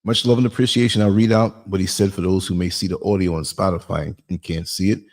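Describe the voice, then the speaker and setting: A man's voice: deep voice, steady tone, quick pace, a little mellow. Man, livestream host, chatty, laughs a lot, reads chat. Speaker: podcast host. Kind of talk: casual livestream talk.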